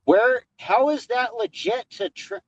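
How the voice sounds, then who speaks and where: Confused high-voiced man with gravelly edge. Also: very animated, unhurried, dry recording, muffled recording. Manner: questioning, confused, hesitant restarts. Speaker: livestream debate panelist. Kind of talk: heated argument on a livestream.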